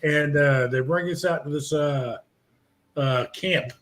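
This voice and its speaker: On a barbecue podcast, the middle-aged guest speaks slowly in a fairly high, fairly bright voice. His casual storytelling chat wanders through long anecdotes full of fillers and do-overs.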